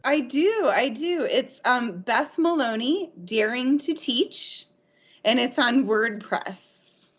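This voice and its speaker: Lively woman storyteller on a muffled line. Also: high voice, takes it slowly, slightly rough. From Arizona, USA. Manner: lively, laughs often while telling stories. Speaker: podcast guest, teacher. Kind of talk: storytelling in an interview.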